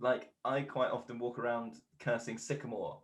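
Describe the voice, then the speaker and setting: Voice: medium pitch, flat delivery, normal speed. A podcast guest in casual chat, thoughtful and wry.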